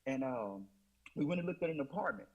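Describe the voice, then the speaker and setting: Husky man telling a personal testimony. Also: medium pitch, animated, fairly quick, lo-fi sound. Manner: earnest, repetitive retelling with many fillers and restarts. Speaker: interview guest.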